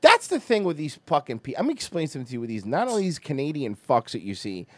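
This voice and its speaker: A man from Florida hosting a podcast, ranting loudly and crudely and mocking others in exaggerated voices. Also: a little high, huge pitch swings, fast, dry recording. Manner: loud, profane, mocking rant. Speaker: podcast host. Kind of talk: casual podcast rant.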